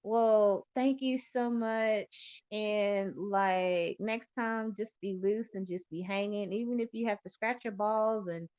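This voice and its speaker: A woman's voice: medium pitch, fairly even intonation, slow pace, few pauses, darkish tone, clean tone. A woman hosting a podcast in loose casual chat, rambling and swearing freely with lots of fillers. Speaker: podcast host. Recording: lo-fi muffled audio.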